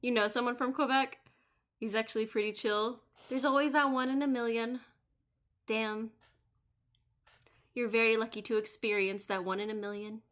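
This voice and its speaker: A woman's voice: a little high, steady tone, normal speed, long pauses, a bit bright. A woman streaming a game, chatting casually and joking in a playfully boastful way. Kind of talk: casual let's-play commentary.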